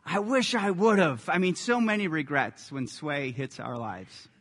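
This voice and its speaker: A male pastor giving a sermon, telling lively anecdotes in an animated storytelling manner. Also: fairly high pitch, a little slow, long reverb tail.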